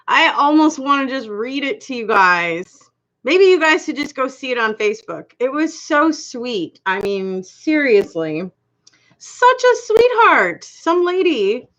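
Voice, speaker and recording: Reading comments during a casual livestream, a woman chats with her viewers by name and laughs a lot. Her voice sits high and a bit bright, with a slight accent, and the sound comes through dull and lo-fi.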